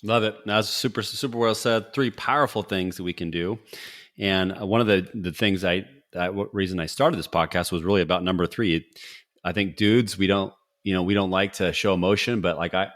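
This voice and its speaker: A middle-aged man hosting a podcast in a casual, upbeat and jokey way, firing off quick quiz questions. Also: low voice, fairly bright tone. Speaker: podcast host. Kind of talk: casual interview talk.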